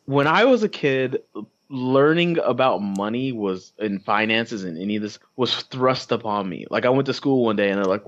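A man's voice: mid-range voice, normal speed. A man co-hosting a casual podcast, joking and slipping into mock voices for laughs. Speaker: podcast co-host. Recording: slightly dull lo-fi sound.

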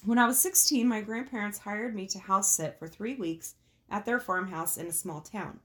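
Expressive woman reading spooky stories aloud. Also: mid-range voice, normal speed. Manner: expressive, swears freely, laughs at her own jokes. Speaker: host reading out listener stories. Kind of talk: casual reading and chat.

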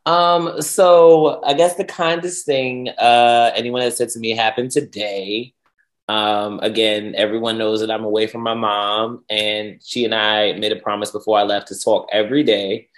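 A man's voice: lowish voice, fairly even intonation, unhurried. A young man co-hosting a casual chat, telling a personal story with emotion and playful sass. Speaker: podcast co-host.

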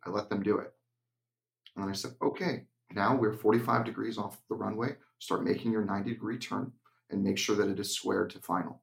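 A man's voice: lowish voice, gravelly. A young adult man co-hosting an aviation podcast and sharing his view as a flight instructor, blunt and emphatic in casual chat. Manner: blunt, emphatic, slips into a deliberate monotone when acting out cockpit instructions.

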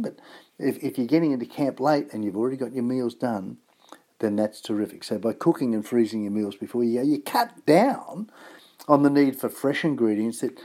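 An Australian man hosting a radio show in casual chat, folksy and upbeat. His voice is husky, and his pitch sits in the middle for a man. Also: mellow. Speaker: radio host.

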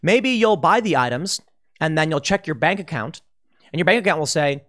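With a fairly high, sing-song voice that's a bit bright and a little fast, a political commentator gives forceful opinion commentary. He warns listeners, speculates about scenarios, and restarts himself along the way.

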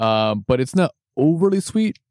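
A man's voice: fairly high pitch, big pitch swings, moderate pace, darkish tone, no echo, studio quality. A man co-hosting a whiskey tasting in casual chat, laughing often and repeating words as he thinks aloud.

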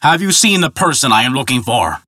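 A man's voice: mid-range voice, big pitch swings, brisk, sharp tone, no echo, studio quality. A man voicing a menacing, shapeshifting male dragon monster who questions creatures with suspicion. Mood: demanding. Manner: demanding, suspicious.

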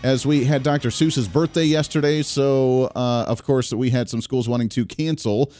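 A man hosting a talk radio show, animated and sarcastic in delivery. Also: medium pitch, normal speed, soft background music.

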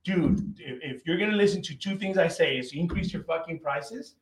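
A man's voice: a little high, moderate pace. A man speaking as a podcast guest, a company founder giving blunt, profane, emphatic advice in casual conversation. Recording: roomy echo.

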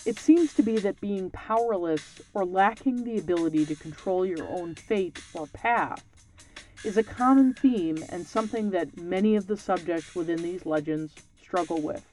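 A podcast host reading a folktale aloud and reflecting on it in measured, scripted narration. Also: medium pitch, a little mellow.

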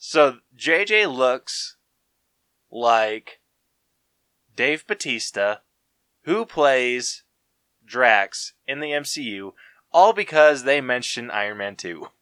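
Male podcast co-host, unhurried slangy rambler, dry close mic. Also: mid-range voice, lively intonation, a bit bright, clean tone, no echo. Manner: rambling, laid-back, full of fillers and slang. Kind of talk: casual chat.

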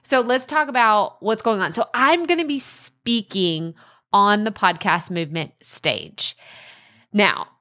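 A woman's voice: mid-range voice, expressive, a little slow, pushed and bright. A young adult woman with an East Texas accent, hosting a casual solo podcast from her home, bubbly and chatty. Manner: bubbly and chatty, laughs often. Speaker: podcast host. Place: home room by a window.

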